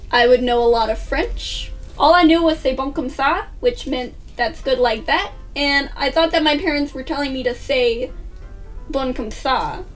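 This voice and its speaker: A woman chatting through a storytime vlog, casual and swearing now and then as she acts out what people said. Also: sits high. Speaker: vlogger. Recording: distant mic with faint music.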